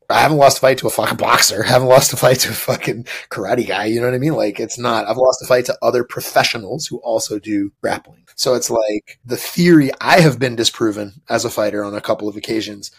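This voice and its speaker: A man in his fifties with a gravelly, husky voice, telling stories as a podcast guest. His talk is loose, profane and animated, with frequent laughter. His pitch sits at an ordinary middle height for a man. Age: 50s. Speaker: podcast guest, martial arts gym co-owner. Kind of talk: casual interview storytelling.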